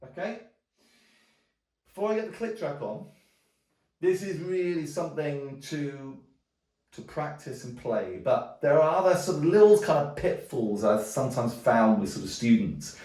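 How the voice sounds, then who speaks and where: A man's voice: a little high, unhurried. Drum teacher, man, easygoing with many restarts; heard from a distance. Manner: relaxed, thinking aloud with many restarts. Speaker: djembe teacher. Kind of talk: casual music lesson. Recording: roomy sound from a distance, drumming around speech. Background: djembe drumming.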